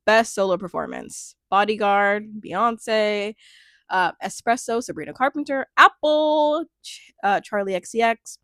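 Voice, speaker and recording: A woman's voice: mid-range voice, animated, normal speed, fairly bright tone, no echo, studio quality. A woman in her twenties chatting casually as a music vlogger, laughing often and trailing off into restarts. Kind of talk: casual commentary vlog.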